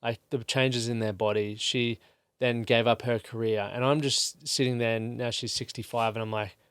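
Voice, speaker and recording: A man in his thirties at a mid pitch, speaking as a podcast guest. His talk is earnest and open, loosely strung together with casual fillers. The sound is close and dry, with no reverb. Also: steady tone, moderate pace, fairly bright tone, clear, resonant tone.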